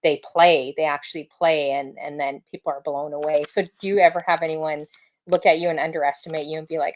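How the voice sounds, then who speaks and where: Low-voiced chatty woman host. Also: steady tone, fairly quick, darkish tone. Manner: chatty, rambling, with many fillers and restarts. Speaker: interviewer and show host. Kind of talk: casual conversational interview.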